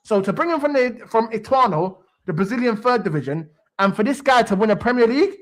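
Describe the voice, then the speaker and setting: A young football stream host, high-pitched and fairly quick, rants animatedly, swearing and repeating himself for emphasis. A little hiss or hum is audible.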